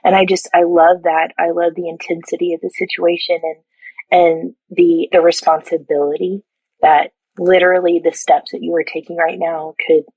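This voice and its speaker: A middle-aged woman, a surgical technologist and educator, telling stories in a podcast interview in a lively way, laughing and acting out quotes. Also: lowish voice, moderate pace, slightly rough, no echo, highs cut off. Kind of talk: animated storytelling in a podcast interview.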